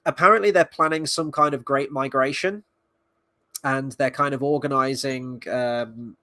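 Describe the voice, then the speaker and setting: A man's voice: mid-range voice, a little slow, sharp tone, dry recording. Male reviewer, mid-range voice, dry close recording, loose sarcastic delivery with swearing. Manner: rambling, sarcastic, swears, mocks scenes in quoted voices. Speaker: video reviewer. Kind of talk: casual spoken review.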